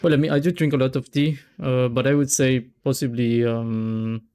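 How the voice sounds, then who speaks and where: Mellow-voiced male game streamer. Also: mid-range voice, steady tone, moderate pace, clear, resonant tone. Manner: rambling, stumbles over names, laughs often. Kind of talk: casual let's-play chat.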